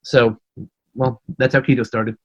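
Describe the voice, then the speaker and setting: Husky male podcast guest, animated, foul-mouthed storyteller. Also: medium pitch, measured pace, muffled recording. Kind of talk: casual chat.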